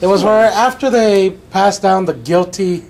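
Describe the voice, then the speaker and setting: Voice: medium pitch, a little slow, gravelly, a little mellow, rough recording. A co-host in a casual podcast chat, making dry, teasing remarks.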